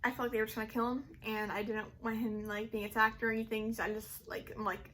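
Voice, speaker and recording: A woman's voice: on the high side, flat delivery, brisk, hardly any pauses, a bit bright, a little hiss or hum. A young adult woman telling a personal story to camera in a casual, rambling way, full of "like" and "um". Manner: rambling, heavy use of "like" and "um". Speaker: vlogger.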